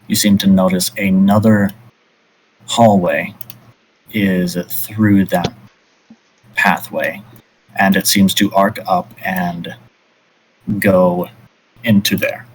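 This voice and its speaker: A man narrating a tabletop game as game master, describing scenes in a halting way. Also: sits low, flat delivery, a little hiss or hum, rough recording.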